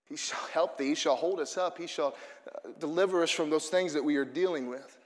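A man's voice: on the high side, fairly quick, in a large hall. A man preaching a sermon to his congregation, earnest and building to fervent emphasis. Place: church auditorium.

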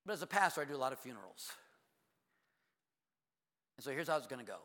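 Animated preacher in a reverberant hall. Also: male voice, quick pace. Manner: animated storytelling preacher, jumps to loud high exclamations. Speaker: pastor. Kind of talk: sermon.

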